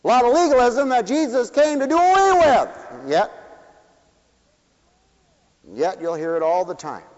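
A man preaching a sermon, swinging from loud declarations to hushed asides. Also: very high-pitched, sing-song. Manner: rapid asides to the audience. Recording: dull echoey hall recording.

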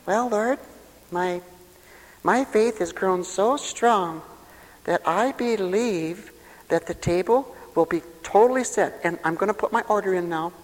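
A man's voice: sits high, measured pace, long reverb tail, rough recording. A man mimicking an earnest believer praying for a feast. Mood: pleading.

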